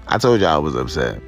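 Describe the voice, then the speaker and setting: A man's voice: very deep voice, vocal fry. Heated, profane male podcast host. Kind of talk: angry commentary rant.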